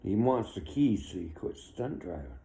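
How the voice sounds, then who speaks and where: A man's voice: low-pitched, sing-song, measured pace, creaky, dark tone. A man in his sixties giving an opinionated, rambling monologue, with chuckles between his complaints. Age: 60s.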